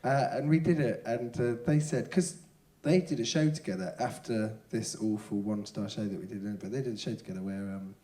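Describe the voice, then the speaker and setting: A comedian guest telling a funny story in casual chat, often breaking into shouts and laughter as he acts out the people in it. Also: lowish voice, brisk, hardly any pauses. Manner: lively storytelling, shouting out quoted hecklers, laughing. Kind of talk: casual anecdote. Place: stage before a live audience.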